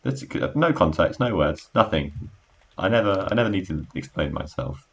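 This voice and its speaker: A man co-hosting a podcast, trading jokey deadpan banter. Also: low voice, moderate pace, gravelly, slightly rough, muffled recording. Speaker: podcast co-host. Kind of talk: casual chat.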